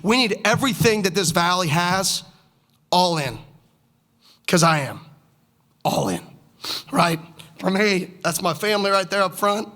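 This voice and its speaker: A young man with a high-pitched voice delivers his opening speech as a new head coach. He sounds emotional and fired up, repeating key phrases for emphasis in a press conference room. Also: fairly bright tone.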